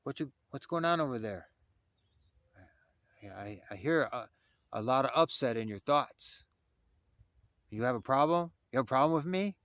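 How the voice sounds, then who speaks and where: A man voicing a gruff, confrontational male elder medicine man who fires suspicious questions in a stammer. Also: medium pitch, expressive, moderate pace, long pauses, a bit bright, no echo, studio quality, pitched above the performer's own voice.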